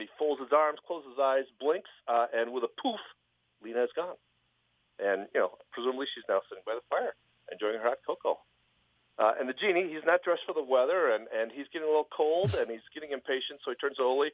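Lively man telling a joke over the phone. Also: mid-range voice, no echo. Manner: halting, lots of fillers, lively. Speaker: phone-in guest, joke teller. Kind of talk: casual storytelling. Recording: tinny phone line.

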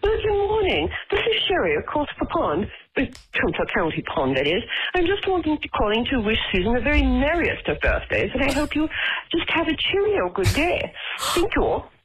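Woman caller doing a cheery, high, sing-song English lady on a muffled line. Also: huge pitch swings, normal speed, fairly bright tone, a little hiss or hum, exaggerated voice. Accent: put-on British. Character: prim, cheery proper Englishwoman. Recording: muffled phone message.

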